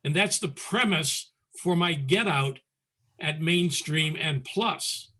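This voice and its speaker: A man's voice: on the high side, slow, bright, forceful tone. Man teaching square dance calls. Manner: methodical, calls moves in crisp clipped commands. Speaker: square dance caller presenting. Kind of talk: teaching talk, calling demonstration calls.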